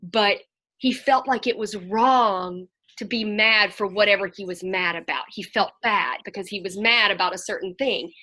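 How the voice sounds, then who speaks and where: A woman counselor talking to a group over a video call, telling lively stories and acting out what children said. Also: medium pitch, moderate pace, hardly any pauses. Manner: animated storyteller, acts out children's voices.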